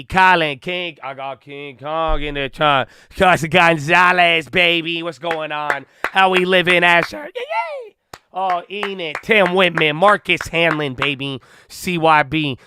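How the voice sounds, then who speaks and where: A young man hosts a casual trading live stream, hyped and slangy, shouting out viewers while a little winded and out of breath. His slightly high voice is clear and resonant, with dry, clean studio sound.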